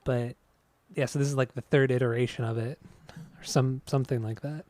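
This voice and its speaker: A man co-hosting a music podcast in casual chat, relaxed and enthusiastic as he talks through the music. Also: medium pitch, brisk, no room sound. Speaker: podcast co-host.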